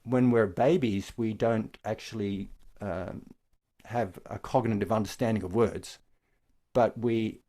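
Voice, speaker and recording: An older man leads a dharma talk online, his voice sitting a little low. He explains each point gently and without hurry, the way a meditation teacher walks a group through an idea. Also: fairly even intonation, measured pace.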